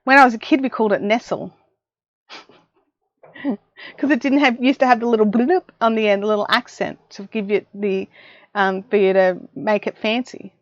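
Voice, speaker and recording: A middle-aged woman with an Australian accent hosts a relaxed craft livestream in her home craft room, joking at her own expense as she talks with viewers. Her medium-pitched voice is steady, at normal speed, with frequent pauses. She's on a desk mic and headphones, and the recording is dry, dull and lo-fi.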